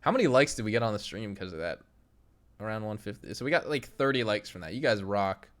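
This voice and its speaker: A man's voice: lowish voice, expressive, fast, fairly bright tone. A young man streaming live, chatting casually with his viewers, reading their messages aloud and laughing often. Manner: loose, laughing, reads chat aloud and tries impressions.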